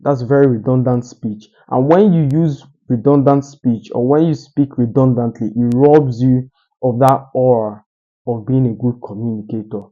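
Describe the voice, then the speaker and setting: A man talking straight to the camera with deliberate pauses, teaching how to speak more articulately. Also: medium pitch, fairly even intonation, highs cut off. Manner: deliberate, uses pauses for emphasis. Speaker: communication coach. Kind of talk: solo talking-head advice.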